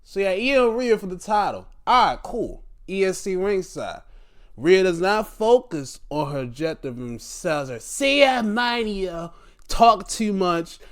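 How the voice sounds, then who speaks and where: A man casually recaps wrestling on his podcast, sighing and swearing. His voice sits a little higher than most men's. He swings widely in pitch as he talks. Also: a little slow. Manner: animated, swearing, frequent sighs. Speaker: podcast host.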